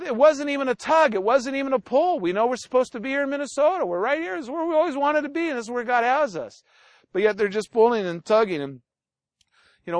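A man's voice: very high-pitched, dry recording. A man preaching a sermon who tells stories and acts out both sides of family arguments. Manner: animated storytelling, acts out family dialogue. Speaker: pastor.

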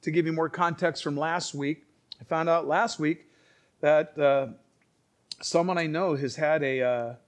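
Emphatic higher-voiced male preacher. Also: steady tone, a little slow. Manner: emphatic, swinging from quiet to loud. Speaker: pastor. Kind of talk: sermon.

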